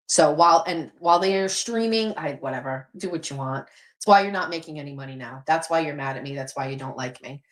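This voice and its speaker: A middle-aged woman hosts a livestream, chatting candidly, swearing freely, and reading viewer comments aloud. Her low voice moves briskly, and the room echoes noticeably.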